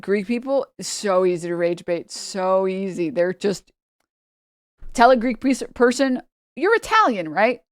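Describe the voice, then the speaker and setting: A woman's voice: mid-range voice, no room sound, studio quality. A woman from New York, a streamer giving casual reaction commentary, rambling and repeating her points for emphasis.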